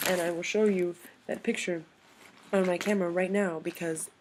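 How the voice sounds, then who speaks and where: Gushing young woman, slightly low voice. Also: moderate pace, a little hiss or hum. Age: young adult. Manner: gushing, excitable, lots of "like" and "um". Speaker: vlogger. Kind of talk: casual storytelling vlog.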